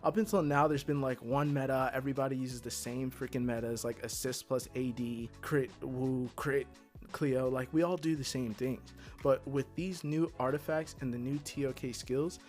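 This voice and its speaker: A man giving casual game commentary, chatty and blunt, with lots of fillers, and he gets excited about strategy. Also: mid-range voice, normal speed, soft background music. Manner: chatty, filler-heavy, candid opinions. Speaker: game guide creator.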